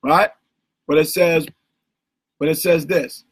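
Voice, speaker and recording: A man hosting an informal call-in bible study. He talks in an animated, slangy way and keeps asking "right?". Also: on the high side, slow, vocal fry, long pauses, slightly rough, poor audio. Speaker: bible teacher and host.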